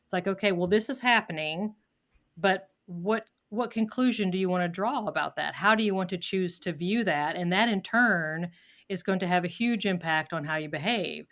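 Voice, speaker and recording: Measured woman hosting an interview. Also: lowish voice, a bit bright. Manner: reflective, measured, with thoughtful pauses. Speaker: podcast host. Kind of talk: conversational interview.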